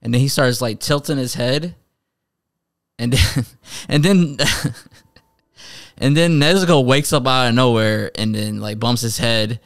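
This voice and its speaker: A man's voice: medium pitch, measured pace, long pauses, no room sound, studio quality. A man casually reviewing an anime episode, retelling scenes in a rambling way with many fillers and restarts. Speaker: anime reviewer, channel host.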